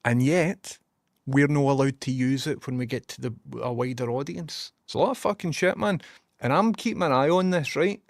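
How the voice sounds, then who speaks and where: A man's voice: mid-range voice, normal speed, dry recording, studio quality. Swearing Scottish man ranting animatedly. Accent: West of Scotland. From Scotland. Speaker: streamer chatting with viewers. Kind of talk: casual chat.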